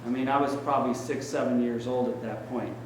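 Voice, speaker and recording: A man's voice: mid-range voice, steady tone, a little fast, a little hiss or hum. Male priest preaching in an echoey church. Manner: conversational storytelling, frequent fillers. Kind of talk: sermon. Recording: echoey church room, mic at a distance.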